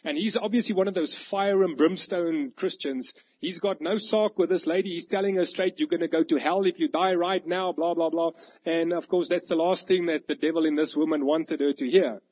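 Husky preacher telling a story. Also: male voice, on the high side, moderate pace, few pauses. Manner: animated, vivid storytelling. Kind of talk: storytelling sermon. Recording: dull lo-fi recording.

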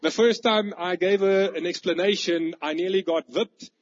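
A man, preaching a sermon with animated, vivid storytelling. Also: sits high, normal speed. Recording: dull lo-fi recording.

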